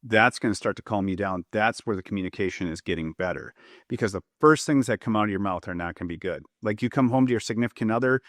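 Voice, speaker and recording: This man speaks quickly in a lowish, fairly bright voice, recorded dry with studio quality. Once a police officer and now a public safety trainer, he explains his points during a podcast interview and acts out quoted lines to convey tone. He has an Upper Midwest American accent.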